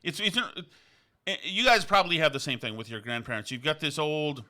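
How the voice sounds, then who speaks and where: A man from Vermont rambles through a casual podcast chat, circling back on himself with plenty of restarts and fillers. His voice is very bright and forward, sitting a little high for a man. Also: sing-song. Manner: halting, many restarts and fillers, digressive. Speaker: podcast host. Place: on location, indoors.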